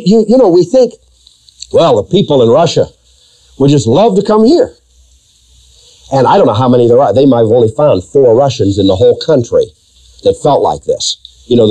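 A man's voice: on the high side, dark tone, rough recording. A man preaching a sermon, emphatic and fond of rhetorical questions to his congregation. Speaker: pastor.

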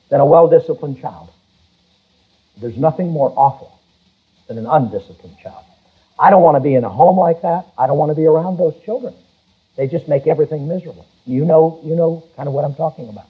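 Emphatic preacher on a tinny recording. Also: male voice, on the high side, expressive, slightly rough. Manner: emphatic preaching, rises loud on key words, reads scripture slowly. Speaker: pastor. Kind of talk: sermon. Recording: tinny phone-like church recording.

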